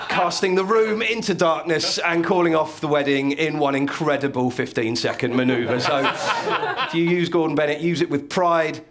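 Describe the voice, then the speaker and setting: A man's voice: a little high, steady tone, moderate pace, a crowd in the background. A man giving a stand-up comedy lecture to a live audience, telling stories in a dry, wry way and chuckling at his own lines.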